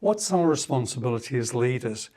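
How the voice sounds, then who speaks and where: Engaged mid-pitched male podcast host. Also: expressive, fairly quick, dark tone. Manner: engaged, affirming, asks reflective questions. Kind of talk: conversational podcast interview.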